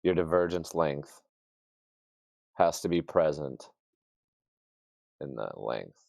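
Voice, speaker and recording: A man's voice: rumbling low, lively intonation, slow, vocal fry, a little mellow, dry recording. A man talking trading charts in a loose, rambling casual chat. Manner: rambling, loose, uses hunting analogies. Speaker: trader.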